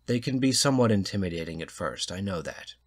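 Male reader playing an easygoing, reassuring host with a low voice. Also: expressive, fast talker. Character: man, host of the gathering, reassuring.

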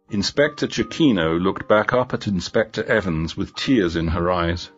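Man, low voice, learner story narration, slow and clear, slightly dull audio, faint music. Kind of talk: graded reader story narration.

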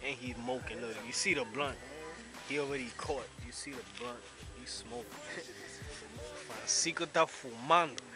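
A man's voice: medium pitch, moderate pace. A man hosting and filming his own street video, announcing the channel in a laid-back way. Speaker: camera operator and host of the video channel. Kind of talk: casual filming banter. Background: music.

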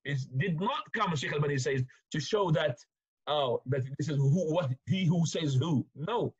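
A man teaching a religious lesson in an animated way, rising sharply in pitch to stress points, with frequent restarts. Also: moderate pace, slightly rough. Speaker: Islamic teacher. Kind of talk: religious lecture. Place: mosque lecture room. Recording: muffled lo-fi recording.

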